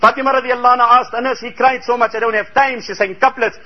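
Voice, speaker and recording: A man's voice: very high-pitched, level tone, fast, lo-fi sound. A man preaching a sermon, telling a story with emphatic, rhetorical exclamations.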